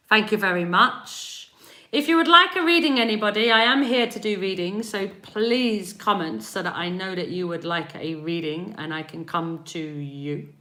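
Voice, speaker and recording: This East London woman speaks at a moderate pace in a medium-pitched voice that sounds pushed and bright, full of animation. Working as a spiritual reader and energy healer, she chats through a live stream, laughing, wandering off topic, and calling out viewers by name in reply to their comments.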